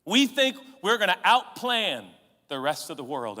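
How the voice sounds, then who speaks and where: Man in his 40s, pastor, sermon, high voice, bright tone, energetic, playful, shouting at times, long hall reverb. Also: a little slow.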